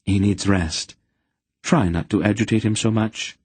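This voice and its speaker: A calm, wise aunt as a man voices her explains things in a matter-of-fact, lightly dry way. The voice is raised above the reader's own and stays husky with a dry, close sound. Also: fairly low pitch, unhurried, no echo. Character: calm wise older woman, protective aunt.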